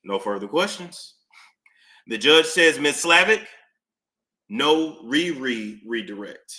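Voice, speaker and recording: A man hosting a casual recap stream, reading out both sides of courtroom exchanges in an animated, playful way. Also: medium pitch, slow. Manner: reads out both sides of courtroom exchanges, slipping in put-on voices.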